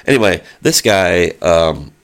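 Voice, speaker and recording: A man's voice: deep voice, animated, unhurried. A middle-aged man telling a long, rambling story in casual chat, with lots of fillers and spoken sound effects.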